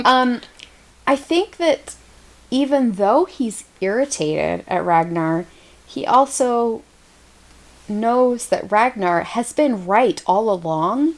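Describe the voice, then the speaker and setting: A woman's voice: a little high, animated, takes it slowly. An American woman co-hosting a casual podcast, her voice swinging up and down with lots of energy. She chats easily and breaks into giggles often. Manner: giggly, chatty. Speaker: podcast co-host. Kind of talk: casual chat.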